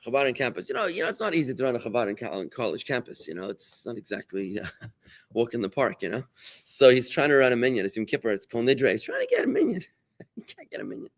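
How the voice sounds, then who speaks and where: A man, a rabbi, giving a lively talk to his congregation and trading remarks with them, with sudden exclamations. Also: fast. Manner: animated, with big pitch jumps and exclamations.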